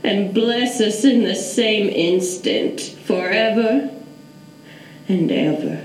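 A woman performing a monologue as a fervent Southern churchgoing woman, in a sing-songy falsetto with a Southern accent. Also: expressive, slow pace, echoey room, slight background noise, poor audio. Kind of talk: acted competition monologue.

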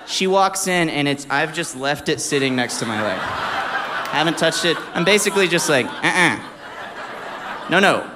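A man from Alabama telling a personal anecdote in a casual, animated way, often breaking into laughter. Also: fairly high pitch, normal speed, noisy background. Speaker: storyteller.

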